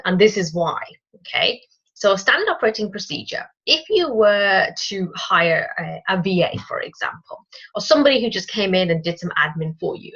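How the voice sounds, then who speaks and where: A woman in her thirties hosting a solo business podcast, talking straight to the listener in a chatty, lively way. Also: fairly low pitch, slightly rough. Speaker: podcast host. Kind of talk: casual solo business talk. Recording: dull lo-fi recording.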